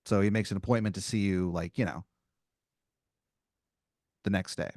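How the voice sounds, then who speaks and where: A man's voice: sits low, steady tone, normal speed, darkish tone, dry recording. A man hosting a comedy podcast, improvising a story with a playful, rambling, filler-heavy delivery on a close mic.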